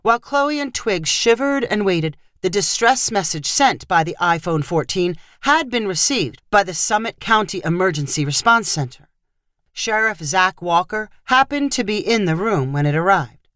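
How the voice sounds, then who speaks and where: A woman narrating a fiction short story with expressive delivery. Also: medium pitch, normal speed, dry recording, clean studio sound.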